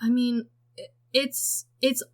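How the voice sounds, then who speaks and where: A woman's voice: fairly high pitch, slow pace. A woman co-hosting a podcast, chatting casually and sarcastically about a movie, acting out lines as she goes. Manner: sarcastic, animated, acts out quotes. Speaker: podcast co-host. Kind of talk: casual movie review chat.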